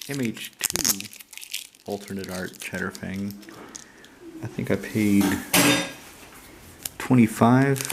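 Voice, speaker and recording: A man's voice: on the low side, vocal fry. A man casually thinking aloud as he opens his card mail at home, rambling and swearing now and then. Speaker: channel host opening card mail. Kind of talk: casual unboxing chat. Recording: noisy room with running water.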